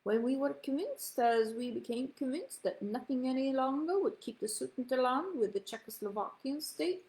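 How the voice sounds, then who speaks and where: A woman voicing a formal older male British statesman addressing his nation, in a put-on British accent and measured, formal speech-making. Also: high-pitched, animated, a little mellow, pitched above the performer's own voice, rough recording. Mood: solemn.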